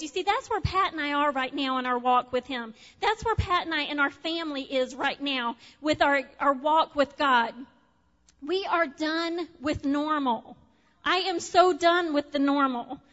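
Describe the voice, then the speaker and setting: A middle-aged woman preaches to her congregation in a high voice, earnest and heartfelt, moving between raised declarations and soft, hushed lines. The sound is a little dull, with a long reverb trailing through the church sanctuary. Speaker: pastor. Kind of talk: sermon.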